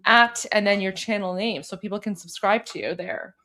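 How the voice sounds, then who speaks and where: A woman's voice: mid-range voice, normal speed, bright, forceful tone. A young woman from Iran hosting a livestream, chatting casually with many fillers and restarts. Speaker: livestream host.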